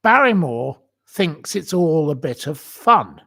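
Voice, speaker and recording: A man's voice: on the high side, sing-song, slow, gravelly, sharp tone. A man hosting a live stream, answering viewer comments in an emotional, indignant rant that repeats itself. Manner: indignant, ranting, repeats himself.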